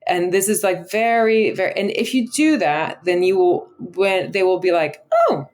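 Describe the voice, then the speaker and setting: A talkative American woman in her thirties, guesting on an interview show. Her voice sits a little low, and she talks in quick, lively bursts, looping back with "like" and "you know" as she goes. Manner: chatty and animated, many filler words and restarts. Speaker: guest, travel journalist. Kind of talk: conversational interview.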